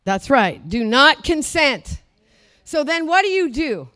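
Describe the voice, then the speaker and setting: Fervent high-voiced older woman preacher. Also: sing-song, slow pace. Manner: fervent, swings from loud declarations to low murmured asides. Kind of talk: sermon.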